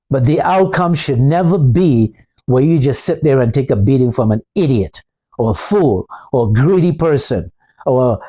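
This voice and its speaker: A man's voice: medium pitch, lively intonation, moderate pace, mellow. A man giving a blunt, off-the-cuff motivational talk, repeating himself in a combative way. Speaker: channel host.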